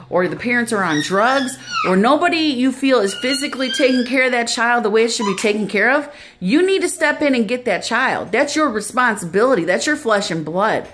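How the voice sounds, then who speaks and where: A woman's voice: mid-range voice, a bit bright, slight background noise. A middle-aged woman, a grandmother, giving earnest, preachy advice in a casual vlog. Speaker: grandmother vlogger.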